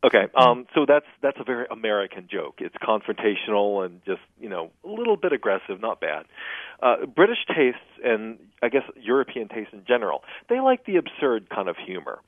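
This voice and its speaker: Male phone-in guest, expressive delivery, tinny dry line. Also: lowish voice, fairly quick, no echo. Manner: animated explainer, tells jokes and laughs at them. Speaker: guest humor expert. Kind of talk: radio interview by phone.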